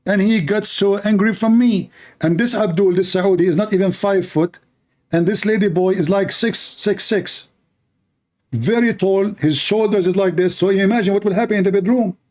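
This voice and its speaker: A man's voice: high-pitched, normal speed, a little mellow. A man hosting a polemical talk who speaks in sarcastic, mocking, non-standard English. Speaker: host.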